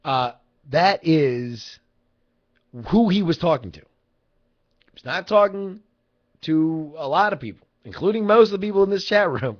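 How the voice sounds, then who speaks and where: A man's voice: fairly high pitch, animated, measured pace, pauses often. A man hosting a casual livestream, rambling, swearing freely and joking with viewers in chat. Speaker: livestream host. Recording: lo-fi livestream audio.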